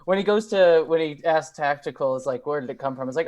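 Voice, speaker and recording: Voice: medium pitch, fast, hardly any pauses, darkish tone. A player in a tabletop game, taking the science officer's part, who talks casually and jokes sarcastically. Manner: sarcastic, joking.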